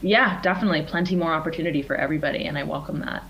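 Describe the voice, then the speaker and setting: A woman's voice: low voice, rapid-fire, fairly bright tone, slight background noise, low-quality recording. A young adult woman, an actress being interviewed, answering in a thoughtful, earnest way and laughing easily. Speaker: actress guest. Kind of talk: interview conversation.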